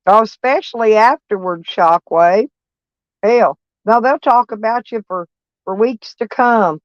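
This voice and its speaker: Woman vlogger, blunt drawl, smooth voice, close dry lo-fi recording. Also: fairly high pitch, a little slow, dry recording. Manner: blunt, drawling, repeats herself. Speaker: van life vlogger. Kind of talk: casual live-stream chat. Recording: dull lo-fi sound.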